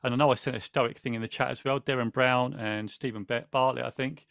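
A man hosts a podcast in a relaxed, rambling way, often restarting his sentences. His voice sits at a middling pitch, recorded close and dry with no room sound. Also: a little fast, creaky, smooth, no room sound. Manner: chatty, rambling, restarts often, thanks viewers. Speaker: podcast host. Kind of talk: casual podcast chat, reading aloud from a book.

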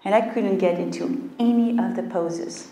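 A woman's voice: medium pitch, normal speed, mellow, roomy sound, far from the mic. A woman health coach giving a motivational talk, telling a personal story and acting out her inner voice.

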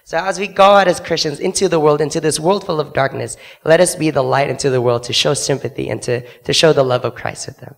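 A man's voice: a little high, fast talker, gravelly, few pauses, in a large hall. Earnest young man sharing a testimony. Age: young adult. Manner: earnest storytelling, acting out quoted voices. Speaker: student literature evangelist. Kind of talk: testimony to a church congregation. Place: church sanctuary.

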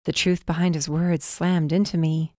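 A woman narrating a novel in the first person, steady and even, on a close studio mic. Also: sits low, normal speed, no echo. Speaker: audiobook narrator.

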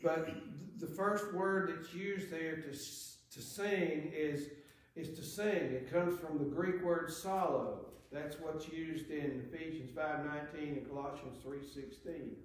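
Preacher, male, earnest sermon delivery, slightly high voice, very echoey church hall. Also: measured pace. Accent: Southern American. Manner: earnest, reads scripture aloud with rising emphasis.

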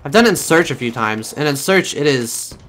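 A man giving profane, excitable commentary over his own gameplay and talking to his viewers. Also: on the high side, brisk, a little hiss or hum. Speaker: gaming channel host.

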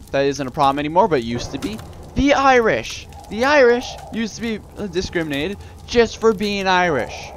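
Brief: young man with a slightly high voice, rambling rant-filled gameplay commentary. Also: slight background noise. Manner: rambling, ranting. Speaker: let's play gamer.

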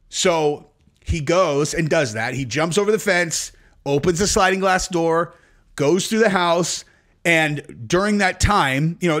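A man's voice: a little high, a bit bright. A man in his forties, a podcast host, telling a rambling, profane story in casual talk and laughing at it.

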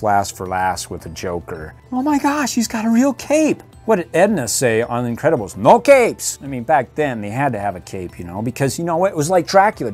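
A man's voice: medium pitch, darkish tone, husky. A middle-aged man doing an enthusiastic, jokey toy unboxing review. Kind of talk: casual toy unboxing commentary.

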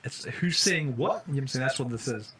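Excitable young man streaming a game. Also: medium pitch, brisk, a little hiss or hum. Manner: excitable, swears, loud startled reactions. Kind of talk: casual live-stream commentary.

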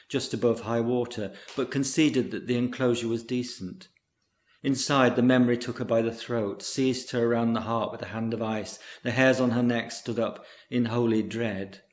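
Man reading literary fiction, measured. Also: medium pitch, roomy sound. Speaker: reader. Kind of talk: literary short story reading.

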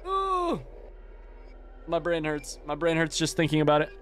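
A man's voice: on the high side, monotone, quick pace, slight background noise. A man streaming a video game, thinking aloud in casual commentary and swearing freely. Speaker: let's play streamer.

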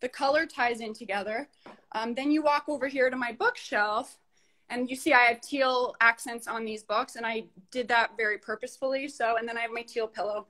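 Woman, chatty home tour, practical tips, slightly high voice. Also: fairly even intonation, brisk, a bit bright, rough recording. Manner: chatty, gives practical advice. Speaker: apartment owner giving a home tour. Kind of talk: casual chat.

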